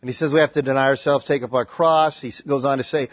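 A male pastor preaching in a conversational, animated storytelling manner with frequent restarts. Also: mid-range voice, fast talker, dry recording. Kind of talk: sermon. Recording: dry, slightly dull recording.

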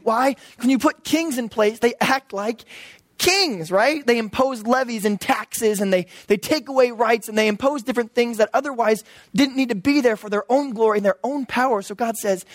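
A preacher giving a sermon, an animated storyteller who jokes with the congregation and acts out the voices in the story. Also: mid-range voice, fairly quick, no echo. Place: church service.

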